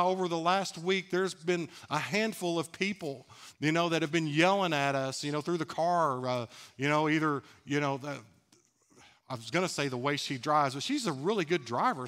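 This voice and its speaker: A man's voice: fairly high pitch, a bit bright. A man preaching a sermon as pastor in a church, talking candidly and conversationally, laughing at himself. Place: church sanctuary.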